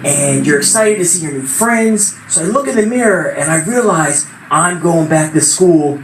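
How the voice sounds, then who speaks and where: Brief: young male stand-up comic, high voice, recorded from across an echoey noisy room. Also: normal speed, recorded from a distance. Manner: animated storytelling, bursts into shouted voices. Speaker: stand-up comedian. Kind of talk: open mic stand-up routine. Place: small venue at open mic night.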